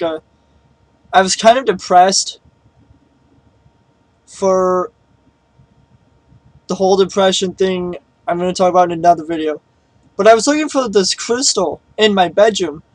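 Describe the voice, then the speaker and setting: A man's voice: high voice, no echo, low-quality recording. A young man telling a story in a casual vlog, rambling and hesitant with many fillers. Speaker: vlogger.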